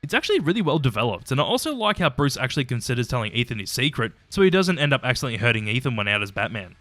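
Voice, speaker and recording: Male video reviewer, quick and animated, chatty and blunt, dry close sound. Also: mid-range voice, no room sound, soft background music. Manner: chatty and opinionated, with mild swearing. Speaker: YouTube episode reviewer. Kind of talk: casual commentary ranking episodes.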